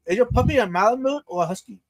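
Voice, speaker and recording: A man's voice: extremely high pitch, no room sound. A man hosting a live stream, chatting casually, stumbling over words and laughing a lot. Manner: lively, halting, laughs a lot.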